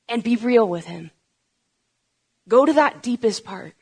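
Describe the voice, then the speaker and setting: A woman's voice: a little high, animated, a little slow, vocal fry, pauses often, breathy edge. A woman preaching a sermon, asking rhetorical questions and building to urgent, emphatic peaks.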